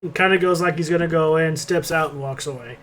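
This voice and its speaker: A man's voice: a little high, fairly even intonation, brisk, fairly bright tone, a little hiss or hum. A man co-hosting a podcast, telling a rambling, profane play-by-play recap in casual chat. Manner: rambling play-by-play, swears freely. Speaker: podcast co-host.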